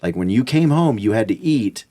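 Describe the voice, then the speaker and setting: A man's voice: fairly low pitch, normal speed. A man, a podcast guest, casually telling anecdotes in a laid-back way and acting out the people in them. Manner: laid-back anecdotal, animated when quoting others. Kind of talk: casual chat, storytelling.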